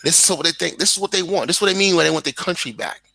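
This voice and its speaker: A man's voice: on the high side, animated, racing, creaky, pushed and bright, low-quality recording. A man with a Brooklyn accent talking emphatically and with plenty of profanity in a casual live-stream chat. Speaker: guest content creator.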